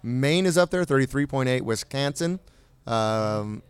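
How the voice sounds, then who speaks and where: A man's voice: mid-range voice, normal speed, smooth, dry recording. Male podcast host, clean resonant voice, dry studio, chatty numbers reader. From California. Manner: reads stats with fillers and laughs. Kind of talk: casual chat.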